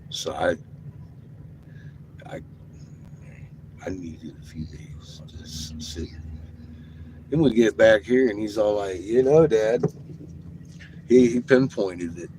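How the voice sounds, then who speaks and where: An excitable man talks in a loose, rambling vlog, cursing freely and breaking into laughter. His voice sits a bit low. A steady noise runs under the recording, with the sound of a vehicle. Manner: excited, profane, laughing often. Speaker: vlogger. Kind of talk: rambling casual vlog talk. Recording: noisy, with vehicle ambience.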